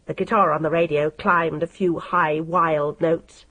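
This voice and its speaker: A woman narrating an audiobook in a steady, measured reading style. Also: deep voice, breathy edge, low-quality recording. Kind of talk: scripted narration.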